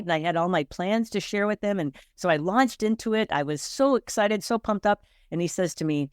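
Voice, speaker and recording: A middle-aged woman hosting a podcast, telling a personal story in an earnest, animated way, often checking in with "right?". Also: lowish voice, moderate pace, few pauses, no room sound, clean studio sound. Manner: earnest and animated, frequent "right?" and quoted self-talk. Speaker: podcast host.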